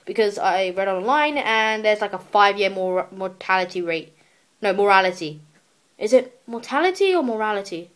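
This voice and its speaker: A teenage girl records a personal video diary on a handheld camera, speaking earnestly and emotionally, pleading and often pausing to restart. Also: mid-range voice, lively intonation. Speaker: vlogger.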